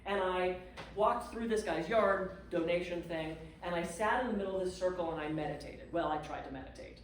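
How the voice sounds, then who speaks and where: A woman tells a story to a live audience, animated and self-mocking, with dramatic swings in her telling. She sounds distant from the mic, in a very echoey room with faint noise behind her. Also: on the low side, fairly quick. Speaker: guest speaker. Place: community clubhouse event room.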